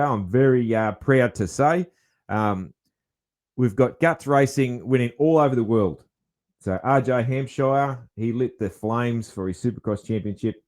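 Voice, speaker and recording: A man's voice: medium pitch, darkish tone. A man hosting a podcast, talking in a rambling, chuckling way with many restarts. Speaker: podcast host. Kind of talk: casual chat.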